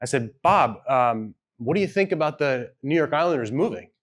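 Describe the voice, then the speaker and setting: A man's voice: medium pitch, lively intonation, moderate pace. A man speaking at a live event, telling a personal story in a loose, conversational way and acting out the people he quotes. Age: adult with children. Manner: conversational, hedging, acts out quoted dialogue. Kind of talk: storytelling keynote talk. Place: event hall with audience.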